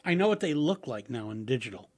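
A man's voice: mid-range voice, very animated, fast talker, darkish tone. An older man hosting a radio program, talking in a rambling, casual way. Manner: rambling, with restarts and fillers. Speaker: radio host and producer.

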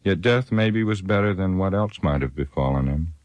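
Grave, ancient elf lord, read by a man, very deep and dry in tone. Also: lively intonation, normal speed, no room sound, lo-fi sound. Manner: grave, solemn.

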